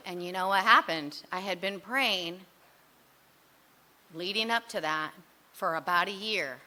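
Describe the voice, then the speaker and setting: A woman with a bright, forward voice tells her own story to a recovery group. She talks candidly and in a rambling way, pokes fun at her old self, and fills her talk with "you know" and "like". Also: lowish voice, measured pace, long pauses. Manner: frequent fillers like "you know" and "like". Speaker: speaker sharing at a recovery meeting.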